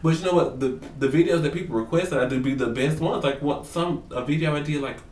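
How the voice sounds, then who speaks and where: A man casually reviewing a reality show for his vlog, talking in animated, profane slang and acting out what people said. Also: a little high, quick pace, recorded from a distance. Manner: animated, profane, slangy, acts out quotes in voices. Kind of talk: casual gossip commentary to camera. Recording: roomy sound, away from the mic.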